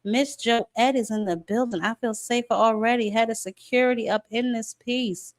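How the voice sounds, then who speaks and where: A woman's voice: fairly high pitch, moderate pace. Sassy female boxing stream host, chatty and playful with viewers. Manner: sassy, calls viewers baby and y'all. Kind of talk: casual live-stream chat.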